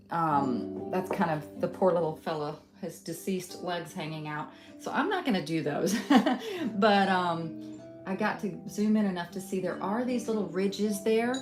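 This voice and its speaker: A middle-aged woman from Western North Carolina with a Southern accent, teaching a casual live painting tutorial, thinking aloud with many ums and soft laughs. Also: mid-range voice. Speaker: art instructor. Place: home art studio. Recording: roomy studio with guitar music behind.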